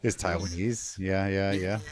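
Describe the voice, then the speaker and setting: A man's voice: low-pitched, steady tone, unhurried. A man from Canada telling stories in a casual chat as a podcast host, laid-back and swearing freely. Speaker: podcast host, restaurant owner.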